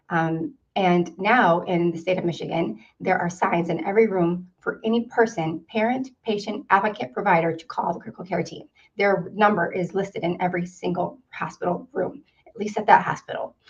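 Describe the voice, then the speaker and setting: Lady telling her own story at a seminar, lowish voice, sounds kinda far off and muffled. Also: a little mellow. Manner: earnest, repeats for emphasis. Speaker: seminar speaker. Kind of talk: personal storytelling. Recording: distant, dull lo-fi sound.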